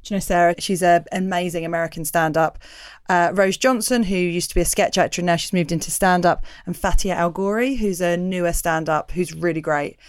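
A woman's voice: fairly even intonation, fairly quick, clear, resonant tone, no echo, clean studio sound. A woman, a stand-up comic hosting a casual interview and acting out quoted voices. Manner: chatty, acts out quoted voices with big pitch jumps. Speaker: podcast host and stand-up comic.

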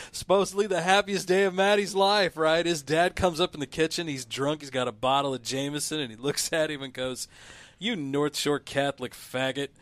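A man's voice: steady tone, normal speed, a bit bright, no room sound. Joking, profane male podcast co-host. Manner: loose joking storyteller, profane, swings his pitch up for punchlines. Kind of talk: casual chat.

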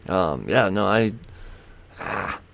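A man with a low, gravelly voice hosts a solo podcast in a loose, rambling way. He fills gaps with ums, swears freely and pokes fun at himself as he goes. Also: expressive, takes it slowly, fairly bright tone, dry recording. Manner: rambling, self-mocking, swears, frequent fillers and laughs. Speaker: podcast host. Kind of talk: casual solo comic-book podcast chat.

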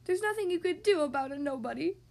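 A woman's voice: sits high, moderate pace. A woman voicing a sad see-through storybook man who speaks mournfully and sniffles.

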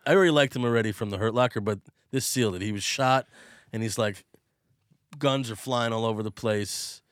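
A man chatting casually about movies, telling stories with sudden bursts of excitement and some swearing. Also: medium pitch, a little fast, dry recording, clean studio sound.

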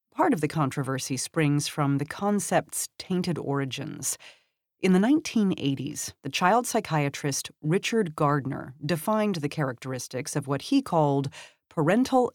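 A woman giving a measured, scripted narration of a long magazine article, lifting her voice when she reads quoted lines. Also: deep voice, dry recording, studio quality.

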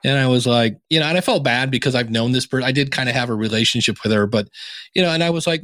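A man's voice: mid-range voice, fast talker, no echo. A man speaking as a podcasting guest and author in a casual interview, telling stories and acting out the other voices in his anecdotes. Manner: animated storyteller acting out quoted exchanges.

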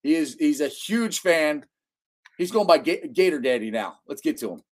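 A man hosting a casual sports podcast, chatty and excitable, laughing often. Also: a little high, normal speed, heavy background noise. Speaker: podcast host.

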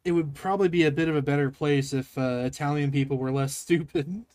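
A young man chats loosely on a podcast, swearing, joking and breaking into laughter. His voice sits a little high and the sound is dry and close. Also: fairly even intonation, a little fast, a little mellow, no echo. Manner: crude, joking, laughs often. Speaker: podcast co-host. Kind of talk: casual review chat.

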